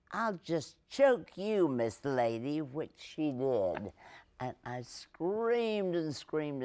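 An older woman with a deep, slightly mellow voice reminisces in an interview, speaking haltingly with frequent restarts and laughter.

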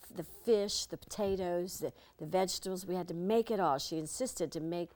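An older actress as an interview guest, telling lively anecdotes and slipping into impressions. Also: female voice, fairly low pitch, moderate pace. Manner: lively storyteller, slips into impressions.

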